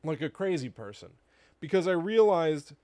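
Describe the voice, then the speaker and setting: A man's voice: fairly high pitch, very animated, normal speed, dark tone, dry recording. A man in his thirties co-hosting a podcast, talking casually and ranting animatedly, with bursts of mocking impressions. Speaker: podcast co-host. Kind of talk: casual chat.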